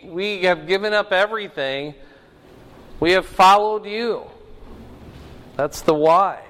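A man preaching an expository sermon, stressing key words slowly and with emphasis. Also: a little high, a bit bright. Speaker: pastor. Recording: long hall reverb.

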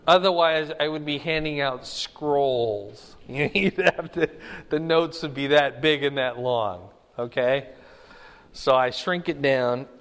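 Speaking slowly at medium pitch with a somewhat bright tone, a man teaches a Bible study. He's emphatic, repeating key words and regularly asking "okay?" to check in. The hall gives a long reverb.

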